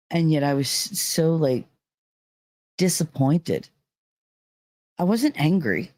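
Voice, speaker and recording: A woman's voice: deep voice, warm tone, no echo, clean studio sound. A woman hosting her own channel, retelling a dream in a rambling, candid way with lots of filler words and the odd swear. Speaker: channel host. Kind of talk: casual monologue retelling a dream.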